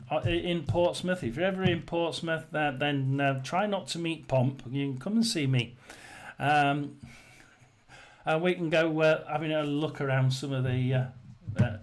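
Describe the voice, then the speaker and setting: A man hosts a casual live chat and talks to viewers in a loose, rambling way. He restarts often and fills pauses with ums and uhs. His voice sits a little high for a man. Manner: rambling, many fillers and restarts. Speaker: livestream host. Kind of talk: casual livestream chat reading comments.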